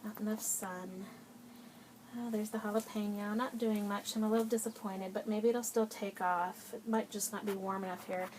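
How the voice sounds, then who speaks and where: A woman walks through her small greenhouse, talking in a chatty, proud way and dropping into soft whispers for asides. She sounds a little out of breath. Her middle-pitched voice comes through a noisy recording with audible clicks. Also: steady tone, normal speed. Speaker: home gardener giving a tour. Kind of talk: casual video tour.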